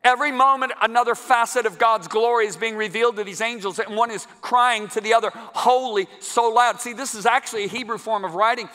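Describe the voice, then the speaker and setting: A man preaching a sermon to a congregation in a large church, emphatic and building to loud climaxes. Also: very high voice, fairly even intonation, quick pace, few pauses. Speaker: guest preacher. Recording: long church hall reverb.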